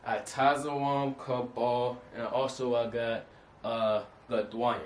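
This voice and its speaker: A man's voice: mid-range voice, level tone, slow, recorded from a distance, a little hiss or hum. A man teaching Hebrew words from slides in a casual lesson, often checking that listeners understand. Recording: echoey room, off-mic.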